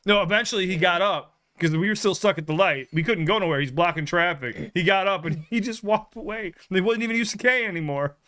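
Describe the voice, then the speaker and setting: Excitable man chatting into a dry mic. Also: sits high, fairly quick, few pauses, no room sound. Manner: excitable, laughing, casual swearing. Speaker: reaction channel host. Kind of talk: casual reaction chat.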